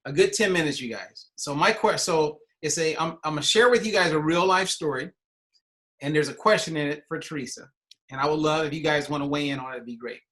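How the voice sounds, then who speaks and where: A male podcast host in casual chat, telling a lively anecdote. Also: a little high, fast. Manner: animated anecdote teller.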